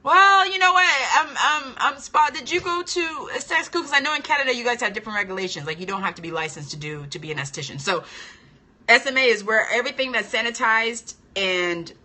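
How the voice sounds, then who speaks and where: A woman hosting a casual live-stream chat as an esthetician trainer. She is chatty and animated, answers viewer comments, and laughs often. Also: a little high, fast talker. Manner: playful and expressive, laughs often.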